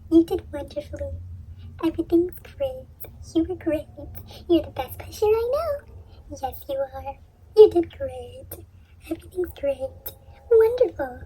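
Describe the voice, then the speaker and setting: A floaty, high-pitched female doctor who sounds high, gushing sing-song praise in a lilting voice, as a woman puts her on in a story-time vlog. She swings up and down in pitch, far off and dreamy. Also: lively intonation, a little slow, pauses often, mellow.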